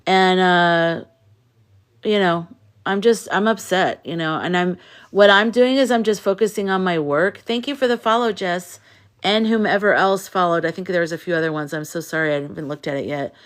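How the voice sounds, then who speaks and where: Woman livestreamer, worn out, frustrated venting between shout-outs. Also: on the low side, normal speed. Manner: venting, frustrated and weary, thanks viewers by name. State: exhausted. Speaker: live streamer. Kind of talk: casual livestream chat.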